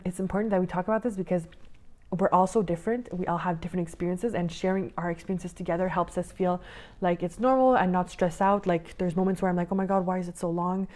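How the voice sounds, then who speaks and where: A woman's voice: lowish voice, dark tone. A young woman, slightly out of breath, hosting a casual coaching podcast from home in a chatty, rambling way. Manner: chatty, rambling, many fillers and restarts. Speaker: podcast host and life coach.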